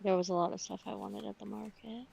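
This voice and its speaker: A woman's voice: medium pitch, fairly even intonation, fast talker, gravelly, darkish tone, breathy edge, no room sound, poor audio. A woman co-hosting a casual livestream, chatty and wry.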